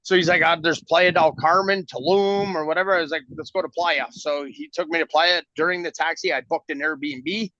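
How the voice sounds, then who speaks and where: A man's voice: fairly high pitch, steady tone, brisk, hardly any pauses, sharp tone, no room sound. A middle-aged man from Canada, a guest telling a long story in a casual interview and acting out the dialogue. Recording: dull lo-fi audio.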